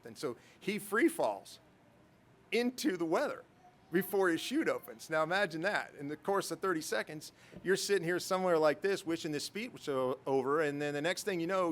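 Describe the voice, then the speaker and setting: A man's voice: a little high, a bit bright. Middle-aged man telling a war story. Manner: anecdotal, self-deprecating humor, chuckles. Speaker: guest speaker, military pilot. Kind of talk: storytelling speech at a ceremony.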